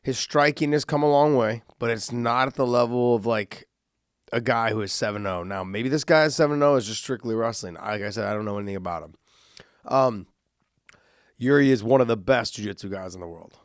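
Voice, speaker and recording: A man's voice: mid-range voice, a little fast, no echo, clean studio sound. A man co-hosting a podcast in casual chat, rambling and hesitant with many fillers. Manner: rambling, hesitant, lots of ums and likes. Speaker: podcast co-host.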